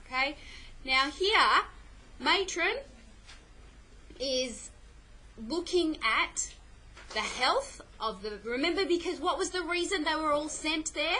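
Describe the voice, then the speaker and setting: A woman's voice: high voice, lively intonation, takes it slowly, pauses often, pushed and bright, slight background noise, rough recording. A middle-aged woman teaching a play in a classroom, explaining patiently and often checking "okay?" with her students. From Australia. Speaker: English teacher.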